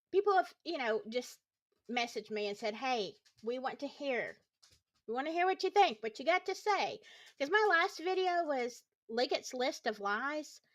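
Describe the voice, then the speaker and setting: A woman talking casually to her livestream viewers, her high voice swinging widely between notes as she gets heated. She sounds worn out but opinionated, tossing in sarcastic asides. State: tired. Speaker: YouTube true-crime commentator.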